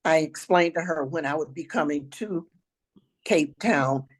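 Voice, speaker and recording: An older woman with a raspy voice, a retired teacher telling travel stories as an interview guest, now and then clearing her throat. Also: deep voice, measured pace, rough recording. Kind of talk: storytelling interview answers.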